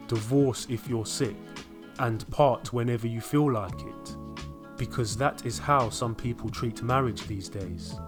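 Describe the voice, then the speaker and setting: A male commentator reads his remarks in an even, lecturing manner at an average pitch. Music plays steadily beneath his voice. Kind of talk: scripted commentary.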